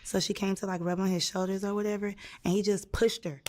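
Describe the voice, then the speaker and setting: A young woman telling a story in a casual chat, animated and acting out the people she quotes. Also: medium pitch, fast talker. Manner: animated, acts out quotes with sudden loud jumps. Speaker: storyteller in a clip.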